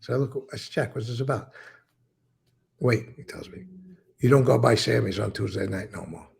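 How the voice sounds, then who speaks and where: This man's voice sits at medium pitch, a little mellow yet gravelly and husky, moving at normal speed. Once a mobster, he recounts his past in a casual interview, repeating words, voicing other people's dialogue, and cursing often.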